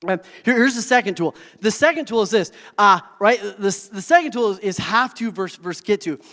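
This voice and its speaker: A middle-aged man with a fairly high voice delivers a motivational talk, earnest and heartfelt, and keeps checking in with the crowd. His voice carries a long hall reverb, as if caught in a big room. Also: animated, brisk, bright, forceful tone. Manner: heartfelt personal storytelling. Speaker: motivational speaker. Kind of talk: motivational talk to a live audience.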